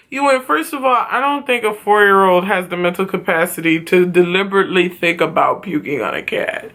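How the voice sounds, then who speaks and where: A woman vlogger telling a story from her childhood in a casual, profane, animated way. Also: fairly low pitch, fairly quick, hardly any pauses.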